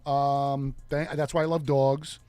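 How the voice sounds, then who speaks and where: A man's voice: medium pitch, little pitch movement, takes it slowly, darkish tone, smooth, dry recording. A man co-hosting a radio talk show, swearing a lot as he rants in casual chat, recorded in a studio. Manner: profane ranting, heated. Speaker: co-host.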